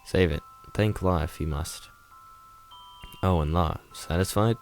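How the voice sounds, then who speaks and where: A man's voice: low-pitched, measured pace, gravelly, darkish tone, faint music behind. A man reading a visual novel aloud, voicing an aloof, disdainful mnemonicide in a stiff, formal and curt manner. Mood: cold. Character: young woman, cold aloof Mnemonicide, disdainful.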